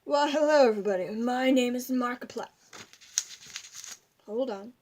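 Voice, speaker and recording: A young woman doing a loud, jumbled impression of a male gaming video host. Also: a little high, moderate pace, slight background noise, close to an everyday voice. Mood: hammy. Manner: loud, shrieky, jumbled rambling.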